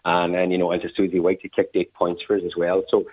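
A man's voice: sits low, little pitch movement, fast talker, husky. A man, a team manager giving a phone interview, rambling with many fillers. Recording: tinny phone line.

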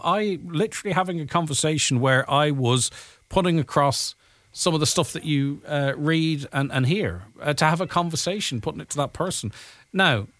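A man's voice: fairly high pitch, normal speed, fairly bright tone, no room sound. A man with a Donegal Irish accent presenting a radio show, chatting casually and reading out listener messages with plenty of ums and uhs. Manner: chatty and conversational, with frequent fillers.

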